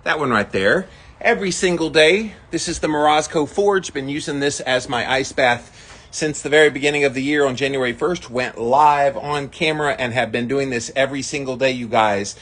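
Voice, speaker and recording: A man's voice: medium pitch, moderate pace, fairly bright tone, husky. A man, a little out of breath, chatting upbeat to his viewers outdoors in his backyard on a live stream. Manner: upbeat, talks straight to viewers. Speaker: vlogger. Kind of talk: casual live-stream chat.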